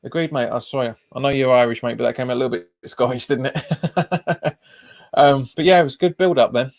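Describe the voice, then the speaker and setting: A man's voice: medium pitch, steady tone, fairly quick, a little mellow. Chatty man doing live match commentary. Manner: casual, chatty, trails off mid-sentence and repeats himself. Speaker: football watch-along streamer.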